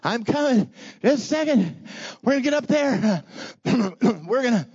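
A man playing a male ancient warrior scrambling up a cliff, breathless and halting, in a sermon for kids. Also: very high voice, expressive, darkish tone, husky, lo-fi sound, pitched above the performer's own voice, heavily acted. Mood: strained eager. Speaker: pastor.

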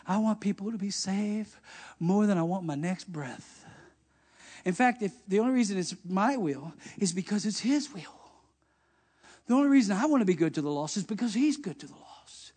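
A male pastor with a strikingly high voice preaches a fiery sermon in a church service. He swings from hushed asides to shouted peaks and answers objections he imagines from the crowd. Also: lively intonation, normal speed.

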